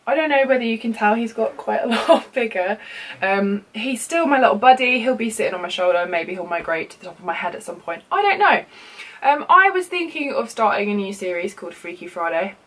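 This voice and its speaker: A woman's voice: medium pitch, animated, a little fast, low-quality recording. A woman in her mid-twenties talks straight to camera in a loose, chatty way. She wanders with "like" and "um" as she chats and then reads a spooky tale aloud in an ordinary mid-range voice. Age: 20s. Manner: chatty and rambling, many likes and ums. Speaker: beauty YouTuber. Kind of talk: casual vlog chat and reading a creepy story aloud.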